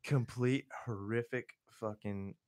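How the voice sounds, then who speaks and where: A young adult man hosting a podcast, telling a crude story with animated, profane energy and frequent laughter. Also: medium pitch, takes it slowly. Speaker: podcast host. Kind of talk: casual storytelling.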